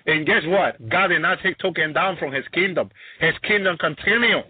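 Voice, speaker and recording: A man preaches with emphatic, repeating phrases and frequent hallelujahs. His voice sits a little high and sounds dry and tinny, like a phone line. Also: moderate pace, husky, dry recording. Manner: emphatic, repetitive, exclaiming hallelujah. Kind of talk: sermon.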